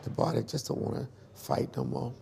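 Man, gravelly, dark tone, animated storyteller, interview. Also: mid-range voice, normal speed. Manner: animated storyteller acting out dialogue. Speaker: interviewee telling his life story.

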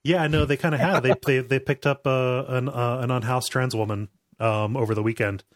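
A man's voice: medium pitch, steady tone, moderate pace, no echo, studio quality. A man from Ohio hosting a casual podcast chat, often repeating words and laughing between sentences. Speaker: podcast host.

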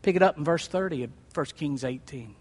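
Male preacher, high pitch, scripture reading with lively commentary, long reverb from the hall. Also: brisk, slightly rough. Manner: reads scripture aloud, breaking in with lively asides.

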